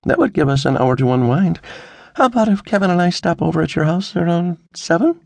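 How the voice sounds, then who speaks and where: A man's voice: on the high side, expressive, brisk, gravelly, no room sound, pitched above the performer's own voice. A man doing a nervous young woman pleading. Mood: earnest.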